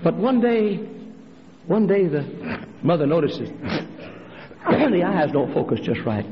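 A male pastor preaching a sermon in a church, swinging from hushed storytelling up to impassioned shouted refrains. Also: sing-song, slow pace, crowd noise. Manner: impassioned preaching, climbing to shouted refrains, dropping low for stories. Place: church sanctuary. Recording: lo-fi recording with long hall reverb.

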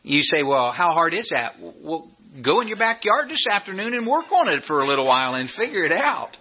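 Preacher guy telling a bible story, bit high pitched, raspy, kinda lo-fi sound. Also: fairly quick. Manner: animated storytelling, repeats and stumbles over words. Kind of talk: sermon. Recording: dull lo-fi recording.

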